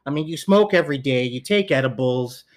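A man's voice: mid-range voice, animated, fairly quick. Male host, mid-range voice, rambly and teasing, lots of fillers. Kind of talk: casual chat.

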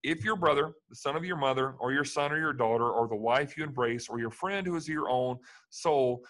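A man preaching a sermon, reading Bible passages aloud and explaining them with animated emphasis. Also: medium pitch, fairly quick, poor audio.

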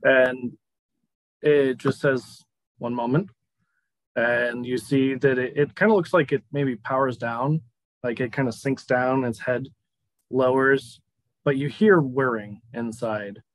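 A man's voice: mid-range voice, fairly even intonation, takes it slowly, no room sound. A man running a tabletop game as game master over a video call, laid-back and laughing often. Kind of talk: narrating a tabletop game online.

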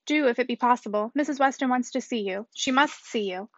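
A woman voicing an earnest, secretive middle-aged gentleman who keeps his voice hushed and evasive, in a storybook reading. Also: a little high, a little fast, dry recording, lo-fi sound, close to an everyday voice. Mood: guarded.

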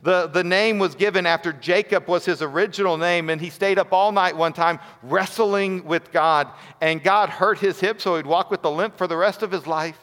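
A man's voice: high-pitched, normal speed, hardly any pauses, a bit bright. A man preaching a sermon in an earnest voice, building to rhetorical questions. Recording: long hall reverb.

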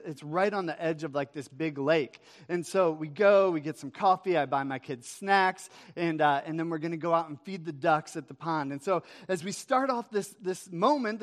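A man in his thirties preaching a Father's Day sermon, telling a story with quick swings between loud and hushed. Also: high-pitched. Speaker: pastor. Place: church hall. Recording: echoey hall reverb.

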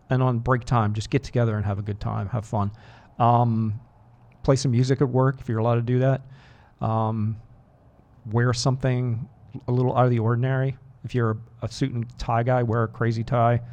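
A man's voice: mid-range voice, mellow. A man hosting a rock radio show, chatting casually with rambling, self-deprecating asides into a studio microphone. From Boston area. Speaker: radio DJ host. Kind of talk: casual on-air chat.

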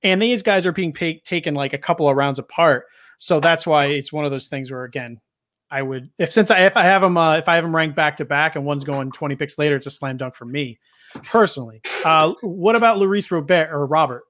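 A man's voice: a little high, brisk, a bit bright. Rambling man in fantasy baseball chat. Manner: rambling, self-correcting, hedging. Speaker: fantasy baseball podcast panelist. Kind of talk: casual chat.

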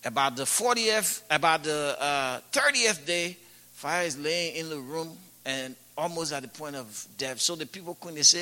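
A man's voice: a little high, animated, normal speed, sharp tone. A man from Africa preaching and telling stories, chatty, with many "you know"s and laughs. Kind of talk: sermon with personal storytelling. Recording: echoey hall with long reverb.

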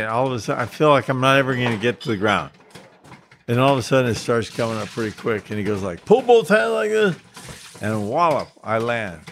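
A man with a middle-pitched voice tells a personal story in a relaxed, conversational way. He talks animatedly and often restarts his sentences. A faint hiss sits behind him. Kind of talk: casual spoken anecdote.

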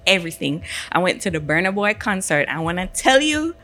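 A laid-back young woman co-host with a slightly low voice. She speaks in a wry, easygoing way and often murmurs her agreement while others talk. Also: sing-song, a little fast, sharp tone. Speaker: podcast co-host. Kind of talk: casual chat.

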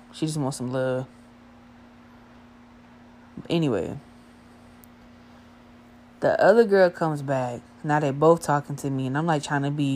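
A young woman in her twenties with a low voice tells a story in a loose, chatty way. She swears freely and talks in slang. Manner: profane, slangy and lively storytelling. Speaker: vlogger telling a story. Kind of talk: casual storytime.

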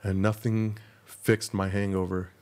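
A man's voice: lowish voice, flat delivery, measured pace, a little mellow. A young man hosting a podcast, telling a rambling, profane story about himself in a casual, self-mocking way. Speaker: podcast host.

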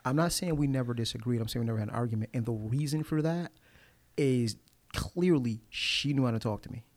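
A man in relaxed conversation, talking with animation, often restarting and acting out the lines of others. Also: medium pitch, fairly quick. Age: adult, formerly married nine years. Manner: animated, acts out quoted lines; talks over and restarts. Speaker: guest poet. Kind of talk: casual conversation.

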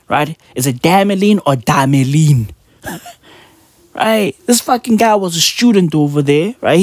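A husky-voiced man hosts a comedic podcast, delivering a profane, mocking rant at an unhurried pace. His pitch swings wildly, firing off rhetorical questions and leaping into high yelps. The sound is dry and close. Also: dry recording. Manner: often jumps up into high, yelping exclamations. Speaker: podcast host.

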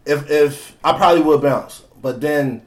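A man's voice: a little high, measured pace. A young man co-hosting a casual podcast, talking loosely with lots of swearing. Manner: profane, loose, laughing. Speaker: podcast co-host. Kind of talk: casual chat. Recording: echoey room.

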